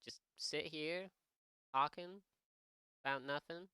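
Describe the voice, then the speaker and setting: Young guy streamer, bright sharp voice, rambly and sweary, dry close mic. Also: fairly high pitch, slow pace, clear, resonant tone, no room sound. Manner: rambling, profane, joking, many restarts. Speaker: art streamer. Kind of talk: casual live-stream chat.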